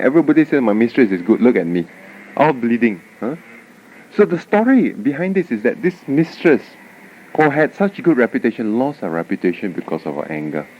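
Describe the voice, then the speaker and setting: A man giving a Buddhist dharma talk, telling stories animatedly and often tagging lines with "huh?". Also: medium pitch. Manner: animated storytelling, frequent "huh?" tag questions. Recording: dull lo-fi 1989 tape recording.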